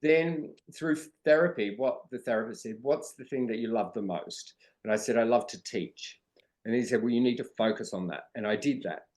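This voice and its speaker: A man's voice: medium pitch, moderate pace, a little mellow, low-quality recording. A middle-aged man from Australia, a drag performer and dance teacher, telling stories as a podcast guest and acting out his students' lines. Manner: storytelling, acts out quotes from students. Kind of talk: candid interview conversation.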